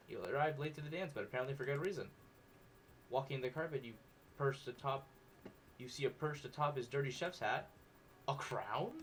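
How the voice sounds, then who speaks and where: A man reading a dating sim's narration aloud with animated, joking reactions. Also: medium pitch, fairly quick, pauses often, a little hiss or hum. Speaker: gaming video creator.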